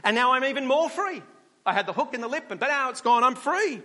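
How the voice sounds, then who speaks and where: A man's voice: high-pitched, expressive, moderate pace, sharp tone. A man voicing a cheeky talking fish, just freed from a hook, chattering and laughing. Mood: gleeful. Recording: long hall reverb.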